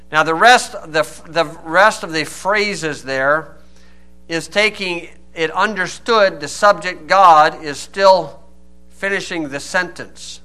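A man preaching a sermon, stressing key words loudly and dropping to quiet asides. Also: a little high. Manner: emphatic, swings from loud stresses to quiet asides.

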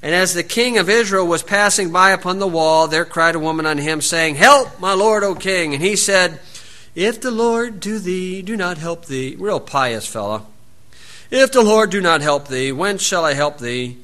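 A man's voice: a little high, lively intonation, moderate pace, pushed and bright. A man preaching a sermon, reading scripture aloud and breaking in with folksy, sarcastic asides. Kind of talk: sermon, Bible reading with commentary.

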